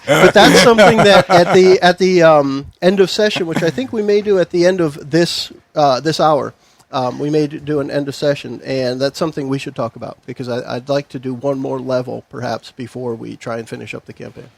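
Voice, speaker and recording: A man running a tabletop game for friends around a table, relaxed and laughing, with many fillers. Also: a little high, fairly quick, gravelly. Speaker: game master. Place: shed with a group at a table.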